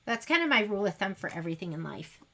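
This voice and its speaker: A woman's voice: medium pitch, very animated, rapid-fire, sharp tone. A woman hosting a sewing livestream, chatting casually and rambling to her viewers as she works. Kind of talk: casual chat while sewing.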